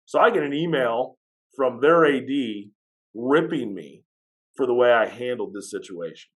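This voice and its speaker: An energetic man working as an athletic director tells a story from his job on a podcast. His voice sits in a middle register. He throws himself into the telling and acts out the other people's lines. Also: mid-range voice, moderate pace, low-quality recording. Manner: animated storyteller who acts out what others said. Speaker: high school athletic director.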